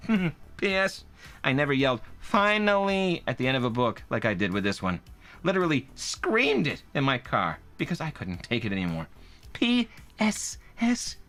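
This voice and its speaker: A man's voice: mid-range voice, a bit bright. A man voicing a sassy, fed-up woman book reviewer as a comedic dramatic reading, theatrical and exasperated.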